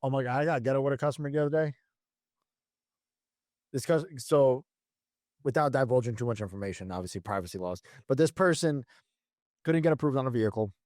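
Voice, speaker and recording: A man in his thirties co-hosting a podcast, telling stories in an animated, casual way with plenty of swearing. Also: medium pitch, fairly quick, pauses often, no room sound, clean studio sound. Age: 30s. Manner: animated storyteller, swears freely. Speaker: podcast co-host. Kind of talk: casual chat.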